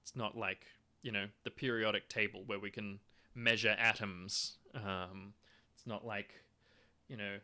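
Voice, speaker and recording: A young man talks through ideas in a relaxed explainer, his voice bright and forward. He often stops and restarts, filling gaps with ums and uhs. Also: on the low side, a little slow. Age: young adult. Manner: hesitant, lots of ums and restarts. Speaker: video lecturer on theory. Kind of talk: casual explanatory talk.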